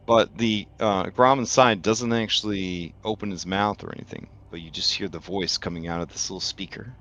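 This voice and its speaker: A man narrating a tabletop game as game master, slowly and with many pauses. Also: sits low, bright, forceful tone. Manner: slow, hesitant, many pauses.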